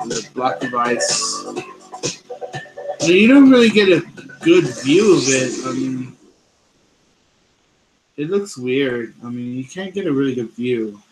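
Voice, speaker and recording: A man hosting a paranormal news show, talking loudly and close to the microphone, with many fillers and pauses. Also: medium pitch, very animated, low-quality recording. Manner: loud, speaks close to the mic, hesitant with fillers. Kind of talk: casual solo show talk. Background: background music.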